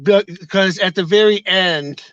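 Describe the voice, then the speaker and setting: A man casually telling a story to his viewers on camera, heated and profane, acting out shouted exchanges. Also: high-pitched, slow, no room sound, lo-fi sound. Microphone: camera mic.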